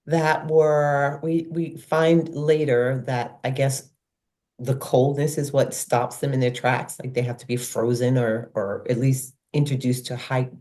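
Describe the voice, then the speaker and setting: A woman's voice: extremely low pitch, level tone, measured pace, mellow. A woman co-hosting a casual film discussion, enthusiastically retelling scenes. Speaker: podcast co-host.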